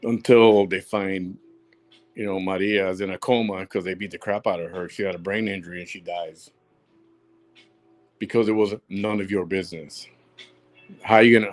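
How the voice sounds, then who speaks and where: A man's voice: deep voice, fairly even intonation, normal speed, long pauses. A man from Chicago, hosting a solo audio show, talking bluntly and heatedly, repeating himself for emphasis. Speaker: podcast host.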